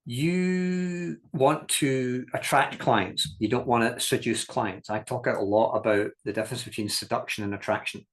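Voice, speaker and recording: Man coaching with lively stories. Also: mid-range voice, normal speed. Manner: lively storytelling, acts out quoted voices, laughs often; direct, repeats key points for emphasis. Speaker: business coach. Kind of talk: masterclass teaching talk.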